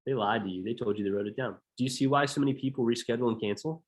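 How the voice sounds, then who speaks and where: A man coaching salespeople on a call, speaking in an energetic, emphatic way and repeating key points. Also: mid-range voice, very fast. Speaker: sales trainer.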